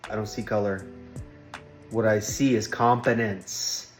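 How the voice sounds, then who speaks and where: A man quoting a stern, cool-headed woman who directs nursing, in his own lowered voice. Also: steady tone, a little slow, faint music behind, lightly acted.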